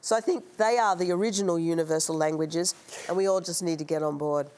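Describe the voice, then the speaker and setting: A woman's voice: lowish voice, quick pace, a little mellow. A woman speaking as a panel guest, earnest and heartfelt. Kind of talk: panel discussion.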